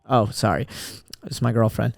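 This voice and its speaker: A man's voice: on the low side, normal speed, vocal fry, no room sound, clean studio sound. A man in his thirties hosting a solo podcast, telling a rambling story full of restarts and fillers. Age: 30s. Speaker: podcast host. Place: studio.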